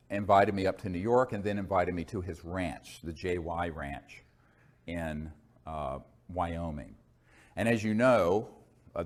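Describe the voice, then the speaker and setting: A man's voice: low-pitched, a bit bright. A man telling a long personal story in a rambling, digressive way, full of asides and fillers. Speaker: speaker recounting experiences. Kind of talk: conversational storytelling monologue.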